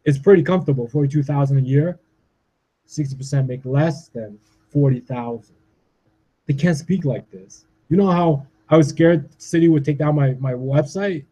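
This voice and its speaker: A Canadian man in his forties goes on a profane, agitated rant, capping his points with "all right?" His voice is a little high and dark-toned, moving at normal speed with long pauses.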